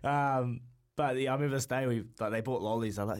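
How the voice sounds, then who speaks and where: A young man with a New Zealand accent hosts a talk radio show. He talks loosely and laughs at himself, with a mid-pitched voice. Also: fast talker. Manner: relaxed, self-mocking, slang-heavy. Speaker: radio host. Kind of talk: casual radio chat.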